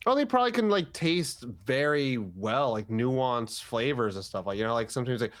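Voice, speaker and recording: A man's voice: medium pitch, expressive, normal speed, few pauses, fairly bright tone. A man co-hosting a casual podcast chat, making crude jokes and acting out quoted voices. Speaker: podcast co-host.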